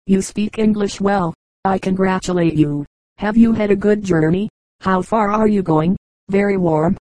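A reader voicing a pompous young man who speaks halting, broken English and keeps stammering and repeating words. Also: mid-range voice, a little mellow, dry recording, natural voice, low-quality recording. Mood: blustering.

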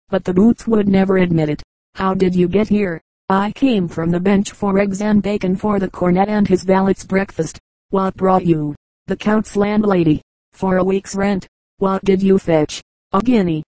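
Woman reading an old comic piece for an audiobook, pretty monotone, soft mellow tone. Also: medium pitch, dry recording, poor audio. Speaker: audiobook reader. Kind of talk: reading an old humorous magazine piece aloud.

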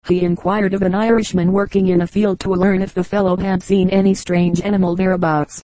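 A woman reading aloud a book of short jokes as an audiobook narrator, in a steady, even way. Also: mid-range voice, fairly quick, dry recording, poor audio. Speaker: audiobook reader. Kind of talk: scripted narration of a joke book.

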